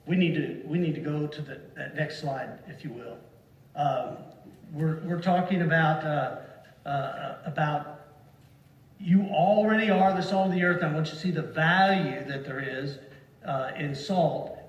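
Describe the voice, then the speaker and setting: A man preaching a sermon to a congregation, slow and deliberate, leaning hard on single words to stress them. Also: a little high, lo-fi sound. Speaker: pastor. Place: church sanctuary. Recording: echoey hall from far off.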